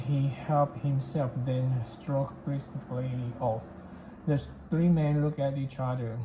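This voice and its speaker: Steady, flat-voiced story reader. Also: mid-range voice, takes it slowly, dull audio. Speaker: audiobook reader. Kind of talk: novel read-aloud. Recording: echoey room, faint background hiss.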